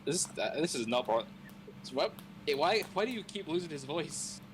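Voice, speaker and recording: A man's voice: on the high side, very animated, normal speed, noisy background. Rambling man with a southern English accent. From southern England. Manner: laughing, rambling. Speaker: player.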